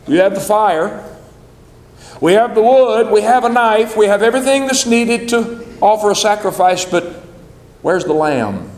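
Man doing a puzzled young son, questioning, rising pitch, echoey hall. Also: expressive, measured pace, darkish tone.

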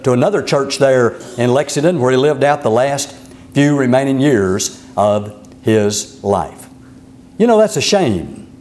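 A man preaching a sermon, telling a Bible story in an animated way and acting out the quoted lines. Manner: animated storytelling, voices quotes with raised pitch.

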